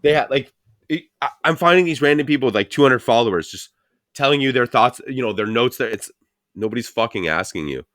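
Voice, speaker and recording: A man hosting a casual podcast, blunt and profane in his rants. His voice sits in a middle pitch. It is recorded close and dry. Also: lively intonation, fairly bright tone, no echo. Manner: blunt, heavy swearing, fast ranting. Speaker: podcast host.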